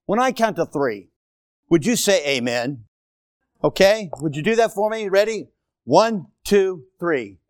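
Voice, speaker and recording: A man preaching with animated, playful energy, teasing his congregation and calling on people from the pews. His voice sits a little high for a man, and the sound is close and dry with little room echo. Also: unhurried. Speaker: pastor. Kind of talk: lively sermon. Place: church auditorium.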